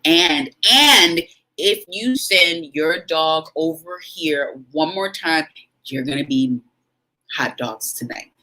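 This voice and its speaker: A woman's voice: low-pitched, lively intonation, takes it slowly, sharp tone, poor audio. A woman hosting her own vlog, telling a story in an emphatic, dramatic way and acting out what people said. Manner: dramatic, emphatic, acts out quotes. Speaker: vlog host.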